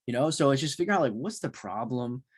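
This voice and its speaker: Male podcast host, mid-pitched voice, energetic, talks through a string of rhetorical questions. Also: quick pace, breathy edge. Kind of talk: casual interview talk.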